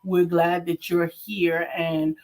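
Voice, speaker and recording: A woman's voice: lowish voice, level tone, slow. A middle-aged woman from the United States co-hosting a live online talk show, reading viewer comments in a friendly, affirming way. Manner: warm-hearted, affirming, says "amen" often. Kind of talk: casual chat.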